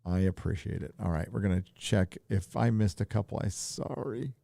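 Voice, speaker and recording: Holding his mic, a middle-aged Californian streamer reads super chats in a loose, profane, filler-heavy ramble. His fairly low voice is creaky and warm at a normal speed, with no room sound.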